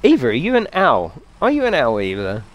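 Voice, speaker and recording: A man's voice: mid-range voice, huge pitch swings, a little fast, highs cut off. A man live-streaming a video game, chatting playfully with his viewers, reading their messages aloud and laughing often.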